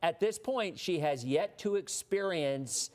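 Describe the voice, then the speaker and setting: A man with a slightly higher voice hosts a live studio show. He talks in a chatty, loose way and jokes easily with his guest. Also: animated, slow pace, a little mellow. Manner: chatty, jokey, loose and conversational. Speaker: weather show host.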